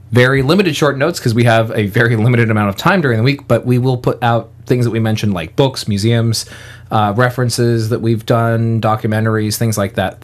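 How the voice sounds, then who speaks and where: A man co-hosting a casual podcast, joking with his co-host and reading listener emails aloud. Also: medium pitch. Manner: playful, teasing, reads listener emails aloud. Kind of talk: casual chat.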